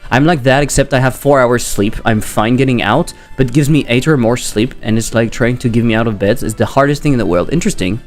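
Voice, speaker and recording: A man's voice: mid-range voice, a little fast, hardly any pauses, soft background music. A man with a French accent, a game developer chatting casually on a livestream, rambling and joking as he reads chat aloud.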